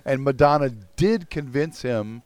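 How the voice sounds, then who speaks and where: A man's voice: medium pitch, a little slow, darkish tone, clean tone, no echo. A man talking casually as a podcast co-host, emphatic and opinionated, swearing freely. His voice sits dry and close, with no room around it. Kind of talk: casual chat.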